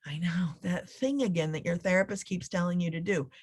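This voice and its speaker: A woman's voice: fairly low pitch, fairly quick, breathy edge. Sarcastic, funny woman giving a keynote. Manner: sarcastic, funny, animated delivery. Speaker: keynote speaker. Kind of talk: motivational keynote talk.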